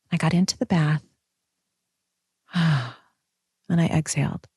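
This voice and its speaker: A woman in her thirties talking to her audience in a casual, animated personal vlog. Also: medium pitch, husky, no echo, clean studio sound. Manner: animated, expressive, swings between excited and soft. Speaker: mom vlogger and women's coach.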